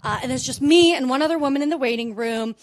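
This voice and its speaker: Casting: young Canadian woman comic, high bright voice, chatty and self-deprecating, live club set. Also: quick pace. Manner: chatty, self-mocking, keeps checking in with "right?". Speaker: stand-up comedian. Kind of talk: stand-up comedy set. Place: comedy club stage before a live audience.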